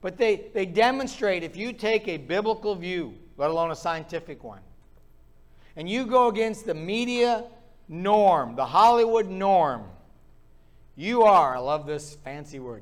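A man preaching with a noticeably high-pitched voice, ranting with fervor. He pounds the pulpit as he drives his points home in a sermon. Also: animated, measured pace. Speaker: pastor.

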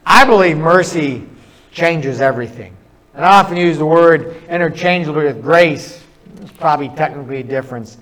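In a notably high, slightly bright voice, a middle-aged preacher gives an earnest sermon, leaning on stories and drawing out phrases with pauses between them. The audio quality is poor.

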